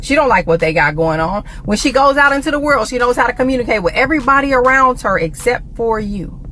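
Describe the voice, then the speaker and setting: A woman in a played clip, lecturing on relationships in a rapid, pointed way. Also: a little high, expressive, fairly bright tone, slight background noise.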